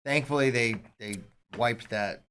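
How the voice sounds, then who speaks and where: A man co-hosting a studio show, joking and bantering in a relaxed way. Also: mid-range voice, a little slow, a little hiss or hum. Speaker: podcast co-host. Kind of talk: casual studio chat about wrestling.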